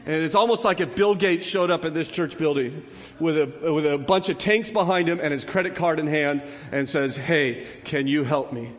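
A man preaching a sermon in a church, telling a story with acted quotes and his voice swinging high and low. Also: normal speed. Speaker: pastor. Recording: long hall reverb.

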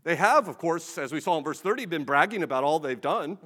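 A male preacher delivers a sermon in an easy, conversational way, with gentle humor and little acted-out exchanges. His voice sits a touch high for a man. The sound carries a long reverb, as in a church hall. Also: animated, brisk. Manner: conversational, humorous, acts out dialogue.

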